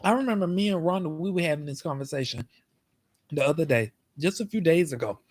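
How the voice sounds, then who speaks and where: Animated, sassy male storyteller. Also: on the high side, fast. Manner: animated, sassy, talks to the audience. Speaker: show host. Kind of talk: comic storytelling monologue.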